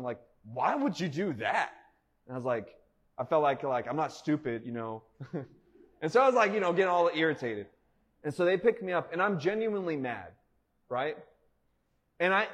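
A man preaching a sermon in a conversational way, telling a personal story with frequent "like" fillers and laughter. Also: fairly high pitch. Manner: conversational, animated, laughs often, many "like" fillers. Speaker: pastor.

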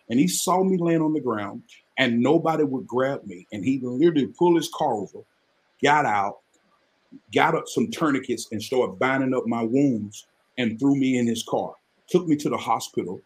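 Earnest man telling his story. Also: mid-range voice. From Mississippi, US. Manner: earnest, animated storytelling with sudden excited rises. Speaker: podcast guest. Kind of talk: personal life story in a live podcast interview.

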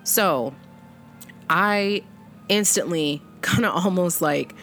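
A low-voiced woman in her thirties tells a personal story casually. She is blunt and swears freely, slipping into the voices of the people she quotes. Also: takes it slowly, fairly bright tone, soft background music. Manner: blunt and profane, acting out quoted exchanges.

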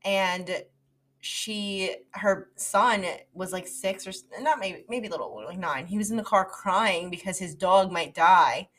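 A young woman co-hosting a casual podcast, chatty, her asides trailing off softly. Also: medium pitch, unhurried. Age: young adult. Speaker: podcast co-host. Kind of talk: casual chat.

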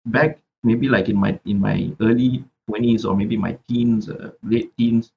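A man's voice: on the low side, fairly even intonation, a little slow, gravelly, slightly rough, muffled recording. A Malaysian man who raps, talking reflectively as a podcast guest and often repeating words while he thinks. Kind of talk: casual interview chat.

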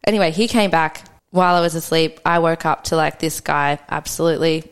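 Soft-spoken woman telling a personal story. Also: deep voice, clean tone. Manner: reflective, halting, heavy use of "like". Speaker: podcast guest.

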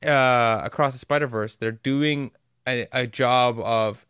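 Thoughtful podcast co-host, dry sound. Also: male voice, medium pitch, steady tone, slow, a bit bright, clear, resonant tone, no room sound. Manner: thoughtful, searching for words, chuckles. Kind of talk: casual chat.

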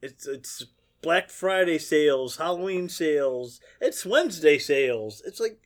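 A man co-hosting a podcast with a high voice that leaps up and down. He jokes and teases in a casual, loose way. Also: expressive, unhurried. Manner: joking, teasing interjections. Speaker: podcast co-host.

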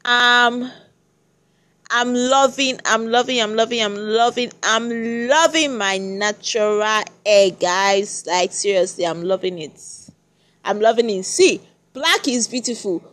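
Lady doing her solo podcast, rambly chatty talk, says stuff over and over, kinda high voice. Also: measured pace, fairly bright tone. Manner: chatty, rambling, repeats herself. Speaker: podcast host. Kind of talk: casual solo podcast monologue.

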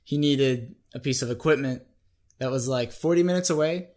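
A man's voice: mid-range voice, moderate pace, darkish tone. A man in his twenties, a guest on a podcast, telling a story in a casual, chatty way and often checking in with "right?". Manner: chatty, keeps adding "right?".

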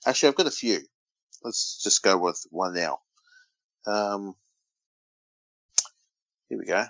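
Low-voiced Australian man, dull lo-fi audio. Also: animated, takes it slowly, fairly bright tone, no echo. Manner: reads odd news stories aloud, teasing banter. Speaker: podcast co-host. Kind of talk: casual podcast chat. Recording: dull lo-fi dry recording.

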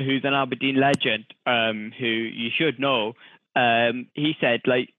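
A man chats casually as a podcast co-host, pausing often on fillers as he talks. His voice comes through narrow and phone-like, with a dry, close sound and no room around it. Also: medium pitch, fairly even intonation, dry recording. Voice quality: hesitant, frequent filler pauses. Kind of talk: casual chat. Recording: tinny phone-like dry line.

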